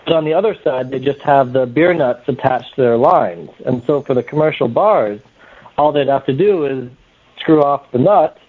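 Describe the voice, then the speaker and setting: A man from New Hampshire with a New Hampshire accent, a guest on a podcast, explaining plainly with many "uh" starts. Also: mid-range voice. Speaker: guest, small parts maker. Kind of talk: casual podcast chat. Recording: tinny phone-line sound.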